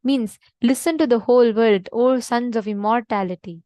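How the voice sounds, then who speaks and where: A woman's voice: fairly high pitch, moderate pace, dark tone, dry recording. A woman giving a devotional teaching session, speaking earnestly and emphatically and repeating her key points. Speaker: spiritual teacher.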